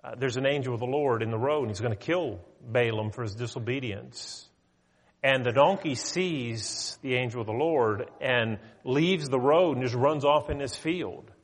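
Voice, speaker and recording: A man preaching a sermon, retelling a story in a conversational, animated way. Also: mid-range voice, moderate pace. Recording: long hall reverb.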